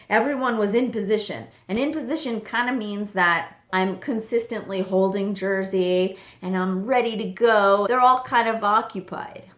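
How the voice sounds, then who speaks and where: A young woman telling a story on her vlog in an animated way, quoting herself and her parrot. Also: mid-range voice. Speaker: parrot channel vlogger. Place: home room with birds. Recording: echoey room.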